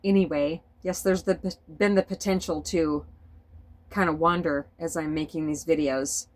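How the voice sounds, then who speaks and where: Woman vlogger, rambling spiritual chat, candid, swears a little, voice on the low side. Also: fairly even intonation, normal speed, low-quality recording. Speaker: spiritual vlogger drawing cards. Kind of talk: casual spoken vlog monologue. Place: sitting indoors at home.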